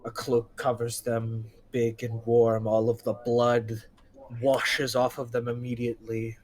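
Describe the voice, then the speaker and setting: Slow-talking man game master. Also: medium pitch, monotone, a little mellow, poor audio. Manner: slow, drawn-out descriptive narration. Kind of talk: narrating a tabletop game.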